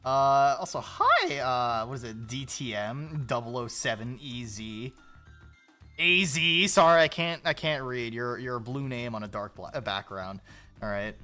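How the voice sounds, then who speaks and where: A man hosting a livestream in a casual, rambling chat, swearing freely and breaking into loud laughs. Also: medium pitch, big pitch swings, unhurried, faint music behind. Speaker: livestream host.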